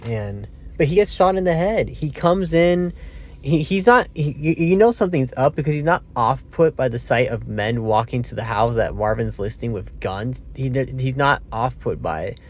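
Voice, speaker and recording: A man's voice: mid-range voice, expressive, moderate pace. A man giving a casual, rambling movie review, meandering with fillers and self-corrections, sounding sleepy. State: sleepy, yawning.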